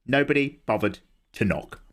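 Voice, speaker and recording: A man doing an impression of a gruff, fatherly older butler with a low, chiding drawl. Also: animated, normal speed, a bit bright, lightly acted. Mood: gossipy.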